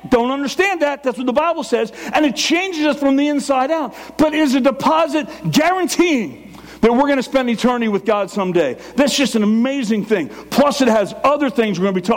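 Older male pastor, high voice, fast emphatic sermon delivery with joking asides.

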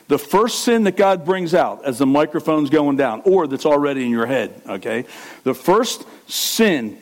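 A pastor preaching to a congregation in a conversational way, asking questions and joking. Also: male voice, medium pitch. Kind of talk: sermon.

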